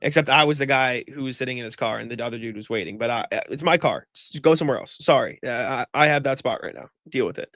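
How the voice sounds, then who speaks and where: Man, podcast co-host, gravelly voice, dry sound, rambling exasperated storytelling, curses a lot. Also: medium pitch, fast, hardly any pauses, fairly bright tone, no room sound. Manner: rambling storytelling with many "like" fillers and swearing; exasperated ranting. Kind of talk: casual chat.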